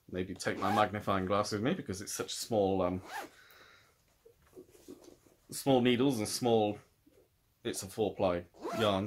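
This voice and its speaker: A man's voice: on the low side, slight background noise. A British man hosting a knitting podcast, talking in a thoughtful, rambling way with frequent restarts. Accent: British English. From United Kingdom. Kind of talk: casual chat.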